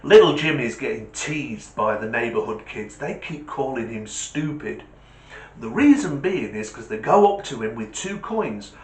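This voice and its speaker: British man, comedy host, joke telling, animated storyteller, lively pitch, roomy echo. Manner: animated storyteller, laughs at own jokes.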